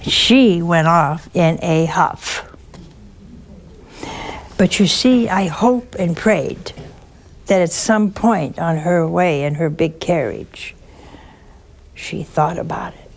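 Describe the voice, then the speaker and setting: Nun preaching: a woman, slow and deliberate, emphatic, folksy asides and rhetorical questions. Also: lowish voice. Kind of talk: storytelling sermon.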